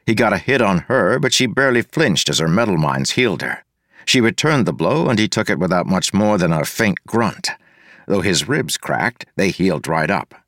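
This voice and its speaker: A man with a very low voice narrates an action story, brisk and lively in his delivery. The sound is dry and close, with no room around it. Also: no echo. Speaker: audiobook narrator. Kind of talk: scripted narration.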